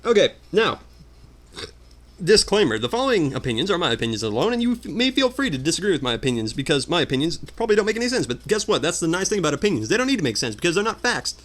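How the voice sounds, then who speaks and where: A man's voice: fairly high pitch, big pitch swings, fast, a bit bright. A man ranting in exasperated commentary while playing a video game. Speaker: let's player. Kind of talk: ranting commentary over gameplay.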